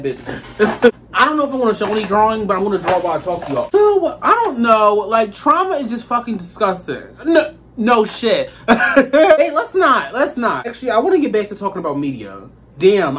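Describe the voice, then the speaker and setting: A young woman vlogging casually from her bedroom into a hand-held phone, sassy and slangy, laughing often. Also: on the high side. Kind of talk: casual chat to camera.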